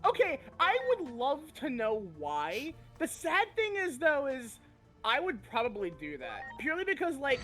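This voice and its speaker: Lively, joking woman on a game stream. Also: a little high. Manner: animated, jokey, riffs on silly ideas. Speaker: co-op guest on a stream. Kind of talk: casual game-stream chat.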